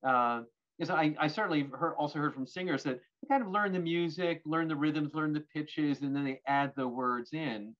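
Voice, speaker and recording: A man hosting an interview, asking measured questions and affirming his guest. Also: a little high, fairly bright tone. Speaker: interview host, arts organization president. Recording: dull lo-fi sound.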